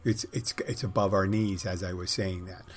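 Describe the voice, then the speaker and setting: Low husky man rambling wryly. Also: fairly even intonation, normal speed, faint music behind. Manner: wry, crude, rambling storytelling. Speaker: podcast host. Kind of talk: casual rambling monologue.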